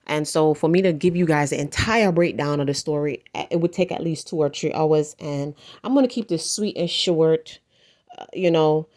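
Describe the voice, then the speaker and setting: A woman's voice: low voice, normal speed, a little mellow. A woman telling a storytime vlog in a blunt, emphatic, profane way. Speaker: vlogger.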